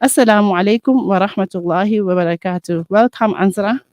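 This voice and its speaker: A young woman hosts a radio talk show in a dry, close studio sound. She reads her introduction with plenty of "uh" hesitations. Her pitch is middle for a woman. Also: fast talker, darkish tone, no echo.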